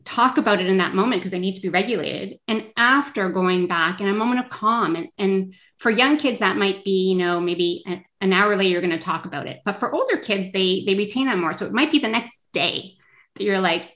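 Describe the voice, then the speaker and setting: A woman in her thirties talks as a guest on a parenting podcast. Her voice is mid-pitched and earnest. She sometimes slips into lively quoted voices. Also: fairly quick. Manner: earnest, acts out quoted kids and adults in a higher voice. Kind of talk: casual interview chat.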